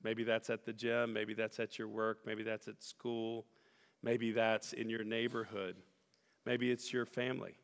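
Gravelly man preaching in a reverberant church. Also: medium pitch. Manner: earnest, builds to loud emphatic peaks. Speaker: pastor. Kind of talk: sermon. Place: church sanctuary. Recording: church hall reverb with soft music.

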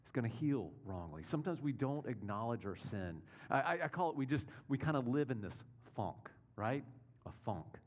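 Male pastor mid-sermon: chatty, leans on "right?" asides, moves between punchy emphasis and quiet. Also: mid-range voice, expressive, normal speed. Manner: conversational, checks in with listeners with rhetorical questions.

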